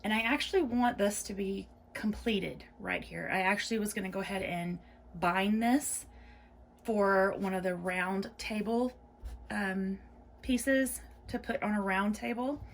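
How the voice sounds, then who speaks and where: A woman's voice: medium pitch, a little slow, gravelly, a little hiss or hum. A woman hosting a casual quilting tutorial, chatty and reassuring, who repeats each instruction step by step. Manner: reassuring and encouraging. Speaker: quilting video host.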